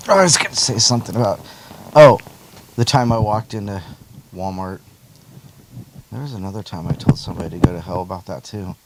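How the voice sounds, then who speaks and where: A man co-hosting a podcast who chats casually and cuts in with quick, sarcastic asides. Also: low voice, background noise. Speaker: podcast co-host. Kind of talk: casual chat.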